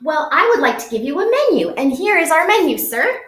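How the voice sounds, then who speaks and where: A woman playing a cheerful make-believe waitress whose polite greetings swoop up and down in a sing-song way. The voice sits fairly high, and the room around it is echoey. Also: very animated, brisk, a bit bright, slight background noise. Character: cheerful pretend restaurant server, woman.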